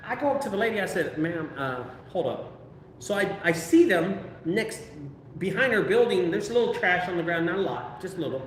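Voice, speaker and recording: A man telling a casual, profane, animated story about his junk removal business. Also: high voice, slight background noise. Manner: animated, profane, acts out quoted voices. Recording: echoey room, far from mic.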